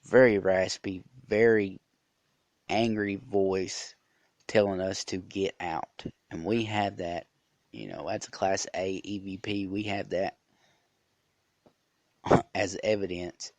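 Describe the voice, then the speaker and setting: A man's voice: sits low, takes it slowly, long pauses, darkish tone, dry recording. A man hosting a podcast, telling a rambling story with many fillers and restarts. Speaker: podcast host. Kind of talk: casual storytelling monologue.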